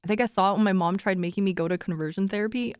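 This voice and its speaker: A woman's voice: medium pitch, rapid-fire, darkish tone, clean tone, dry recording. Giggly streamer girl in her 20s chatting w her viewers, dry close mic. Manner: chatty and giggly, cooing baby talk to her dog. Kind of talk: casual chat with viewers.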